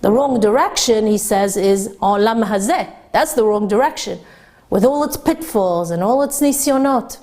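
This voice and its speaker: A woman religious teacher giving a Torah lesson to women, speaking deliberately with emphatic repetition. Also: mid-range voice, mellow.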